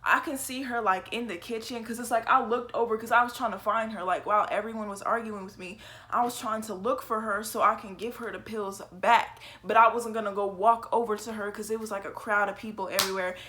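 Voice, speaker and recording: A young woman telling a story from her own life in a casual, animated and profane way. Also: medium pitch, a little fast, hardly any pauses. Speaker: storytelling vlogger.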